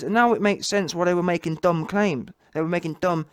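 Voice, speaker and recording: A man delivers a heated, mocking rant full of slang. His voice sits a little high, and the recording is dry and close. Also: brisk, clean tone, no room sound. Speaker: online commentator. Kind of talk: ranting reaction commentary.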